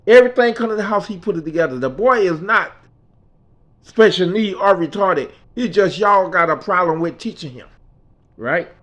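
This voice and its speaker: A man's voice: high-pitched, animated, normal speed, a bit bright. A man telling a personal story in a conversational, repetitive way, often checking in with the listener. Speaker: speaker.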